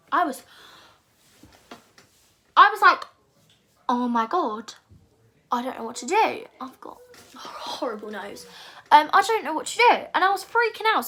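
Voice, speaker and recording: A young woman telling a rambling, animated storytime vlog and acting out her own panicked quotes. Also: sits high. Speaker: vlogger.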